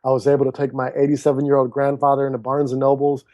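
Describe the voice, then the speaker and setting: A podcast guest in his thirties, an author and speaker, talks at a quick pace in a mid-range voice, recorded with no room sound and the highs cut off. He tells his story in a casual interview, animatedly performing the voices of the people in it.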